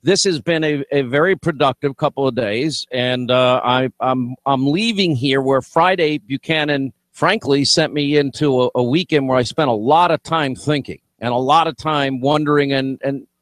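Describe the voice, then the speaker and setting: A man hosting political talk radio, brash and animated, often restarting his sentences as he banters. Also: mid-range voice, normal speed, few pauses, no room sound.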